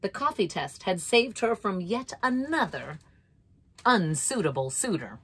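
A woman reading a children's picture book aloud, expressive and playful, with asides to listeners. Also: mid-range voice, measured pace, breathy edge. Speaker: storyteller.

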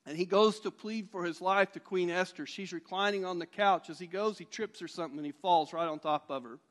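A man's voice: sits high, brisk. A male pastor retelling a Bible story in a sermon, animatedly acting out the characters' voices.

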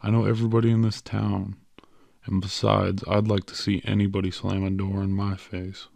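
Guy doing a bitter young bank clerk in an audiobook, scoffy, flat low voice, dry sound. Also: normal speed, gravelly, no echo. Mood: scoffing. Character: weary, bitter young man, a small-town bank clerk.

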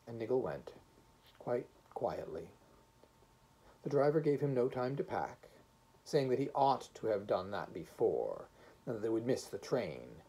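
Man narrating a story, expressive measured reading, mellow tone, husky voice, wide-ranging pitch. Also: poor audio. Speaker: reader. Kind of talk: audiobook narration of a short story.

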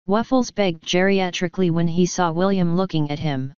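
Woman, audiobook narration, measured, slow, lowish voice, dry dull recording. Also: a little mellow, clear, resonant tone, dry recording. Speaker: audiobook reader.

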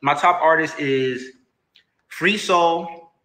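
A man giving a rambling, emotional confessional rant, now and then rising into shouted outbursts. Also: fairly high pitch, takes it slowly. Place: home, near a shower. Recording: echoey room.

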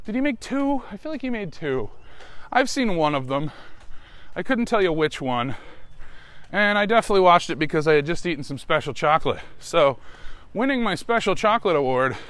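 A man's voice: a little high, bright, forceful tone. A man hosting a podcast while out on a walk, talking into his phone in a rambling, joking monologue with self-mocking asides. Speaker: podcast host. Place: outdoors on a walk.

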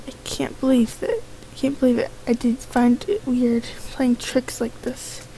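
High-pitched woman gamer, reads all game dialogue herself, quick asides, faint hiss behind. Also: expressive, gravelly, warm tone, rough recording. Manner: reads each character's lines in her own voice, reacts with exclamations. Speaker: let's play gamer. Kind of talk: reading game dialogue aloud with commentary.

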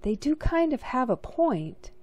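A woman's voice: sits high, very animated, measured pace, darkish tone, slightly rough, no room sound, voice pushed up, full character voice. A woman voicing a spirited, earnest young girl in a storybook read-aloud. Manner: earnest, exclaiming. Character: spirited young girl, caring for her brother.

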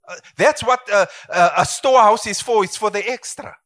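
A man's voice: high voice, fairly quick, fairly bright tone. A middle-aged man preaching a sermon as pastor, emphatic and swooping, calling for amens.

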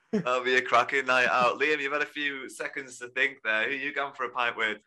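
A man's voice: mid-range voice, fairly even intonation, normal speed, bright, forceful tone. A man hosting a football podcast, chatty and jokey, rambling in casual chat with his guests. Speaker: podcast host.

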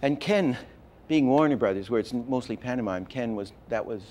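An older man gives an animation lesson in a mid-range voice. He tells lively stories from his work, often breaks off to act out a line, and restarts his sentences as he goes. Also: medium pitch, moderate pace, slight background noise. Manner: lively storyteller, acts out lines, many restarts. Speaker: animation teacher. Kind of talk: lecture with acted-out examples.

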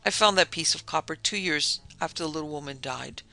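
Male narrator, fairly high, very bright tone with gravelly fry; first-person storytelling with lightly voiced dialogue. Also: a little fast, faint music behind. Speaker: podcast narrator. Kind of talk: scripted narration of a vintage tale.

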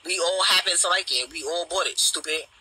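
A middle-aged woman with a deep voice, ranting bluntly and profanely on a talk show panel, firing off mocking repeated questions. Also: brisk, sharp tone, breathy edge, rough recording. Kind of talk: casual chat, ranting.

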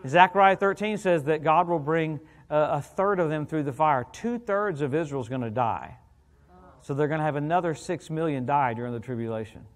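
A middle-aged man preaching an evangelical sermon as a guest minister, animated and joking, often calling out "hallelujah" and "come on". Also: a little high, moderate pace.

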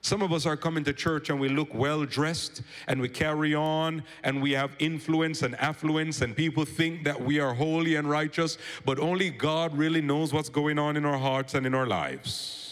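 A man preaching in a church with a long echo trailing each phrase. His voice sits a little high, and he tells stories and calls out for amens. He swings from raised proclamation to low, intense pleading. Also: moderate pace, hardly any pauses. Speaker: pastor. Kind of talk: sermon. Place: church sanctuary. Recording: church hall reverb.

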